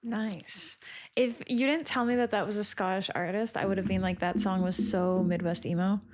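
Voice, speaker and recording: A woman's voice: medium pitch, steady tone. A woman hosting a podcast, chatting in an easygoing, agreeable way with her guest. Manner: easygoing, agreeable, quick to laugh along. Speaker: podcast host. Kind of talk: casual podcast chat.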